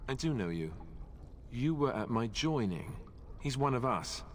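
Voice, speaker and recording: A man's voice: mid-range voice, very animated, a little slow. An actor voicing an earnest young warrior in a video game, hesitating as he tries to remember someone. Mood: puzzled. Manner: hesitant, searching memory. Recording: distant game audio with faint noise.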